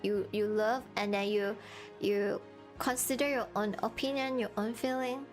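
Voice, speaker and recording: A woman streaming from home, chatting casually and giving earnest, encouraging advice. Her throat sounds sore and strained, and her English is halting with non-native phrasing. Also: mid-range voice, steady tone, faint music behind. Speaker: VTuber streamer.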